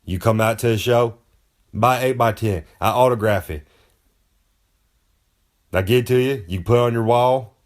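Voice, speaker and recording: A man's voice: medium pitch, moderate pace, long pauses. Man, boastful, folksy, rambling, third-person brag, comic monologue. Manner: brags and talks about himself in the third person. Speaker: wrestler giving comic advice.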